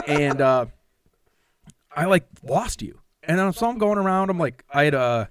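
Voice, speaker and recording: A man's voice: on the high side, unhurried, no echo. A man co-hosting a podcast, telling a concert story in casual, profane chat and acting out what people said. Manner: profane, animated storytelling with acted quotes. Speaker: podcast co-host.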